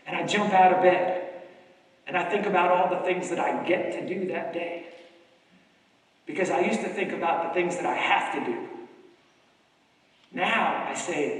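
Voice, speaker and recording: A high-voiced middle-aged man from New York gives a motivational speech, animated and story-driven. He trades call-and-response with the audience. His voice reaches the mic from far off and rings through a large, echoey hall. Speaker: keynote speaker.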